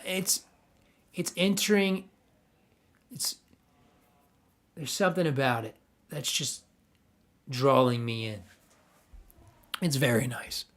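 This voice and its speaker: Rambling young man hosting a stream. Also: fairly high pitch. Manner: rambling, stammering, playful, talks to chat. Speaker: livestream host reviewing NFT art. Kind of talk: casual livestream chat.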